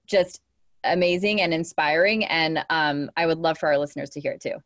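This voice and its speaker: A woman hosting a podcast interview who asks long, rambling questions and warmly affirms her guest. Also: deep voice, steady tone, a little fast. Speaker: podcast host. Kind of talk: interview conversation.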